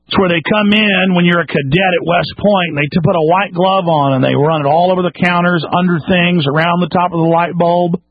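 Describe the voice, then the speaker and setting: A man hosts a talk radio show in a high, husky voice, ranting fiercely. He lurches from shouting to low, mocking murmurs. The sound is dry and thin, like it comes down a phone line. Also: moderate pace, few pauses, no echo. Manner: fiery ranting, swings between shouting and low mocking tones.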